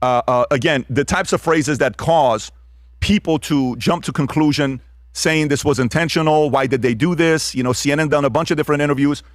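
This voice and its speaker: Halting man hosting news reaction. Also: fairly high pitch, no room sound, studio quality. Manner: halting, with many uh fillers, reading out news stories. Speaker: show host.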